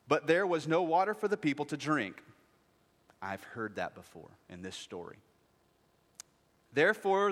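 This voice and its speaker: A man preaches in a big church hall, his voice bright and ringing with long reverb. His pitch swings widely as he jokes and acts out whiny voices. He sounds like a pastor in his thirties. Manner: lively, jokey preaching with acted voices. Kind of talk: sermon. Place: church sanctuary.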